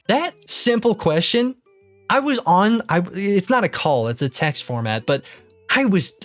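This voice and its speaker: A man's voice: on the high side, a bit bright. A young man ranting casually to camera, exasperated and swearing freely, repeating himself as he gets worked up. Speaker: YouTuber. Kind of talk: ranting commentary.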